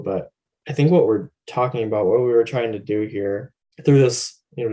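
A man co-hosting a casual faith podcast, speaking in a relaxed, conversational way with an easy humor. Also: on the low side, low-quality recording. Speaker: podcast co-host.

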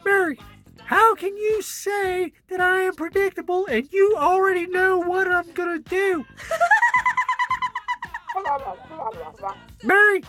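Woman doing a vain self-absorbed gossip, very high squeaky voice, dramatic whiny phone chatter, faint music behind. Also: steady tone, unhurried. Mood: indignant. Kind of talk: one-sided comedy phone call sketch.

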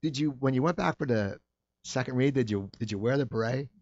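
A man hosting an interview show, talking quickly and often restarting his sentences. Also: medium pitch, a little mellow, no room sound, highs cut off. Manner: rambling, restarts sentences, talks fast. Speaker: interview host. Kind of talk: interview chat.

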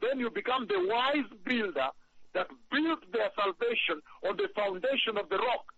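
A man preaching a sermon, emphatic and repetitive, reading scripture slowly. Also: very high voice, lively intonation, pushed and bright, lo-fi sound, a little hiss or hum. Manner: emphatic, repeats phrases, reads scripture slowly.

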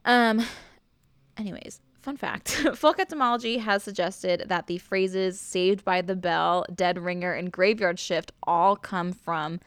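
Smooth-voiced young woman telling a spooky story. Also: on the low side, unhurried, few pauses, no room sound. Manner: chatty, swears freely, laughs while telling. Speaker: podcast host. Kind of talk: casual storytelling chat.

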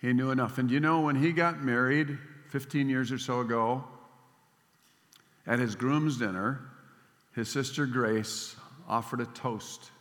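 Older male preacher, bright voice, hall reverb. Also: medium pitch, fairly even intonation, a little slow. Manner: storytelling, swings between emphatic and hushed. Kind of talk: sermon.

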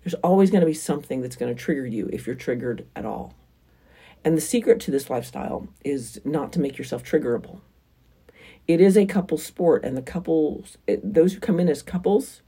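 A woman's voice: low-pitched, expressive, fairly quick, dark tone, slightly rough. A woman hosting a frank, casual advice monologue, talking bluntly and with emphasis. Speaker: relationship advice host.

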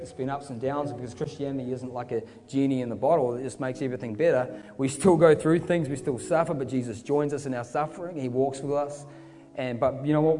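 A man preaching a sermon in a fervent, casual storytelling manner. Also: mid-range voice. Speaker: pastor. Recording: reverberant hall with soft music.

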